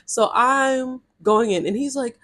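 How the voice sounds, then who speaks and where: A young woman casually telling a personal story to her followers, chatty and animated, filling her talk with "like". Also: sits high, slow. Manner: chatty and animated, with heavy use of "like" and reenacted dialogue. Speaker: storytime vlogger.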